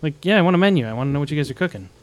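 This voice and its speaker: A man chatting casually, retelling a story in a relaxed, wry way. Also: a little high, very fast. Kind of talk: casual chat.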